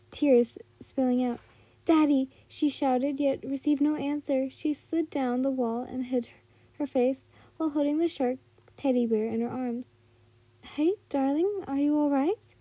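A woman's voice: sits high, mellow, dry recording. A woman narrating a fan story in a casual read, with frequent slips and restarts. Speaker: fanfiction reader.

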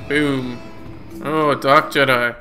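A man's voice: mid-range voice, steady tone, takes it slowly. Joking man narrating his gameplay. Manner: jokey, reads game dialogue aloud. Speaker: gaming video host. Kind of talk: casual gameplay commentary. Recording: game music under voice. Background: game music.

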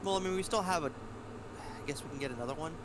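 A man's voice: fairly high pitch, fast, noisy background. A young man co-playing a game, dry and practical with mild teasing. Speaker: co-player. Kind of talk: casual gaming banter.

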